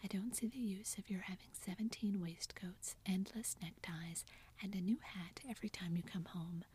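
A woman's voice: mid-range voice, fairly even intonation, dark tone, breathy edge. A woman voicing a blunt, tomboyish young woman who lectures, in a whispered role-play. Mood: scolding. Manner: whispered, brisk and scolding.

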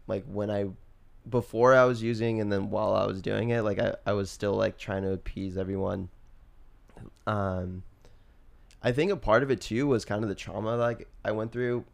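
A man's voice: fairly low pitch, vocal fry. A young man co-hosting a casual podcast chat, rambling with lots of fillers and restarts, laughing often. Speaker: podcast co-host.

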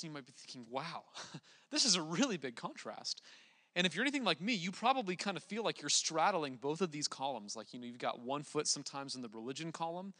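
A young man preaching a relaxed, conversational sermon, with plenty of fillers and restarts. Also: a little high, big-room sound.

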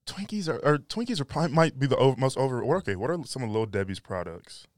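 A man's voice: medium pitch, expressive, quick pace, darkish tone, dry recording, clean studio sound. A young man hosting a casual podcast, joking and swearing, often breaking off mid-sentence to restart. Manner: swearing, joking, self-interrupting. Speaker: podcast host. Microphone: podcast microphone.

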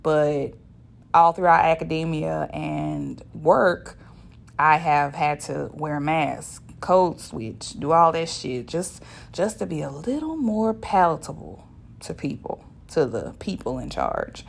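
Blunt low-voiced woman venting. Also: sing-song, slow, vocal fry. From Shreveport, Louisiana, US. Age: 30s. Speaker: podcast host. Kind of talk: casual solo monologue.

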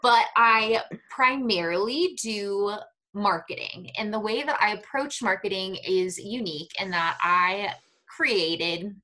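A woman's voice: mid-range voice, slow pace, low-quality recording. A woman guest on a podcast, talking in a chatty way about her marketing work, with many fillers. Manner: warm, chatty, lots of fillers. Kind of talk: casual podcast chat.

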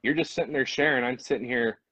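A man's voice: mid-range voice, fast, bright, forceful tone, slightly rough, dry recording. Goofy, rambling man on a lo-fi mic. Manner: goofy, rambling, playful storyteller. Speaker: podcast co-host. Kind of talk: casual live-stream chat.

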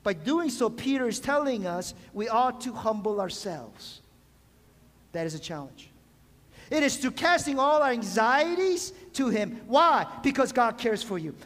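A man's voice: very high voice, sing-song, unhurried, a bit bright. A man preaching a sermon as pastor, asking the congregation questions and calling for amens. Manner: preaching with call-and-response questions. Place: church sanctuary. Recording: long hall reverb.

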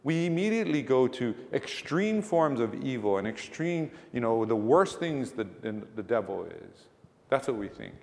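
A man's voice: medium pitch, sing-song, moderate pace, creaky, a little mellow, long reverb tail. A male pastor giving a conversational sermon, asking rhetorical questions and pressing his points with emphasis.

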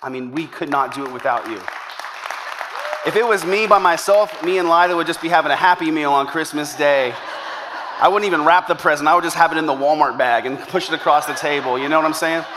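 Amid crowd noise and a noisy background, a pastor with a slightly high voice preaches briskly to his congregation during a church service. He keeps the sermon conversational and upbeat, working in jokes as he goes.

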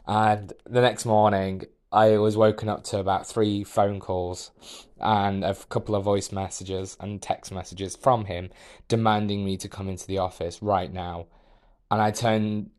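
A young man, a podcast guest, telling a personal story in a measured, reflective way with hesitant restarts. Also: lowish voice, darkish tone. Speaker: podcast guest, architectural designer.

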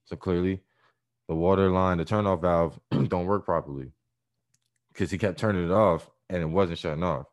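A man casually telling a story full of profanity, animated and acting out the people in it. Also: sits low, moderate pace. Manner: profane, animated, acts out voices and laughs.

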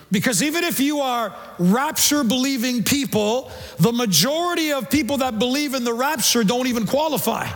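A middle-aged male pastor preaching a sermon in a church, animated, stumbling over repeated words and acting out the voices he quotes. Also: extremely high pitch. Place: church sanctuary. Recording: long church reverb.

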